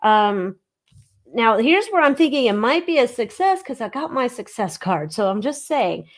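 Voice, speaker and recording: A woman's voice: on the high side, sing-song, moderate pace. A woman from California co-hosting a tarot show, chatty and teasing in casual talk. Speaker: tarot reader co-host. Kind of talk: casual chat.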